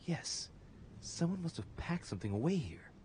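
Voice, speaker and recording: An actor playing a curious young aristocrat investigating a mansion in a video game, speaking softly and musingly. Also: male voice, on the high side, big pitch swings, normal speed. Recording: game audio under loud background noise.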